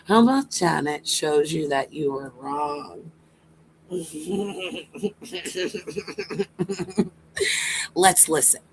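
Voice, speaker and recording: A woman's voice: low voice, drawn-out words, long pauses, slight background noise, low-quality recording. A woman doing livestream commentary, taunting and mocking a rival with sarcasm and swearing. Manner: talks to a rival by name.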